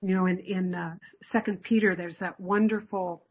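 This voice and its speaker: A woman giving a sermon in an earnest, reflective way, pausing often and laughing softly now and then. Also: on the low side, steady tone, breathy edge, dull audio. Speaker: preacher.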